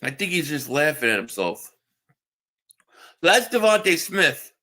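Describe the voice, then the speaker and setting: A man's voice: on the high side, very animated, unhurried, bright, forceful tone. A man hosting a live stream, chatting casually and answering viewers' comments while tired from just waking up. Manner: reads chat aloud and answers viewers, with restarts.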